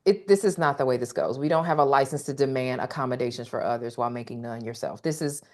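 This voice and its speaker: A woman's voice: very deep voice, fast talker, darkish tone. A woman leading a live online coaching session, speaking straight to her audience with emphatic repetition and frequent "okay?" check-ins. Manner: emphatic, repeats key phrases, checks in with "okay?"; talks directly to the audience. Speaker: workshop speaker.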